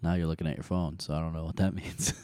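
A hoarse man co-hosting a podcast in casual chat, teasing and laughing often. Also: extremely low pitch, flat delivery, quick pace, dark tone, dry recording. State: hoarse from being sick. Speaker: podcast co-host.

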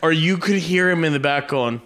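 Guy with a higher voice swapping comedy stories, swears a lot, does little voices. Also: fairly quick, fairly bright tone. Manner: storytelling, loose and profane, acts out voices. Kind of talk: casual comedian chat.

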